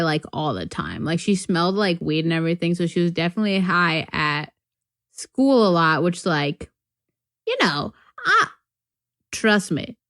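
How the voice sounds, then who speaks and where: A woman's voice: lowish voice, no room sound, studio quality. Rambling young woman from North Carolina. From North Carolina, USA. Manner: rambling storyteller, filler-heavy, laughs often. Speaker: podcast co-host. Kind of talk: casual chat.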